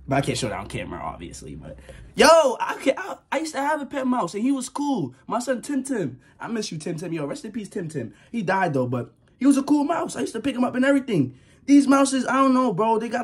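A young man talking to his viewers in a casual vlog, nervous and rambling, with a slightly husky voice. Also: high-pitched. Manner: nervous, jumpy, rambling, slangy, yelps and laughs. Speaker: vlogger.

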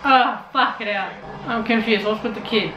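A young woman hosting a reaction video, talking back at the screen with lots of swearing and excited outbursts. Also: medium pitch, normal speed. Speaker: reaction channel host. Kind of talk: casual reaction commentary. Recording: roomy echo, TV sound under. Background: show audio playing from the TV.

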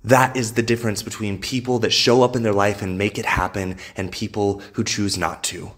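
A man's voice: lowish voice, fairly bright tone. A man hosting a podcast, delivering a motivational monologue in an emphatic, repetitive way and swearing freely. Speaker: podcast host.

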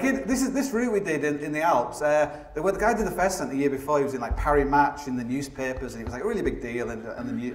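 A middle-aged man giving a comic live stage talk, rambling and self-mocking, full of fillers and restarts. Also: on the high side. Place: large theatre stage before a laughing audience. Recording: echoey live theatre sound from a distance.

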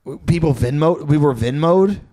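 A man's voice: fairly high pitch, moderate pace, mellow. A man telling casual stories on a podcast, rambling and profane, full of filler words. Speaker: podcast guest. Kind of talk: casual storytelling.

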